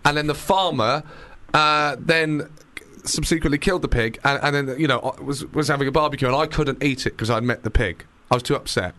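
A man's voice: mid-range voice, a little fast, pushed and bright. A man co-hosting a casual comedy chat, rambling and teasing, often laughing. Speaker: co-host.

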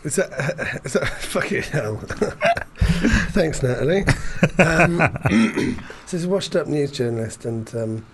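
Gravelly and on the high side, his animated voice moves slowly. As a podcast co-host and performance poet, he chats loosely, spinning wandering anecdotes riddled with fillers and restarts.

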